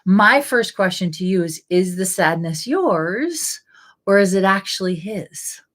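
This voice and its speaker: A woman's voice: mid-range voice, lively intonation, unhurried, a bit bright. A woman life coach in a live session, answering viewer questions in a casual, coaxing way with lots of rhetorical questions. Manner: casual, frequent "like" fillers.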